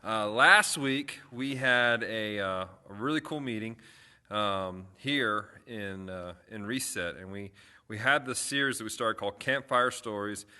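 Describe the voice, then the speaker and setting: A man's voice: lowish voice, a little slow, bright, forceful tone, clear, resonant tone. A young man, a youth pastor, chatting casually on a livestream and telling stories with lots of fillers and restarts.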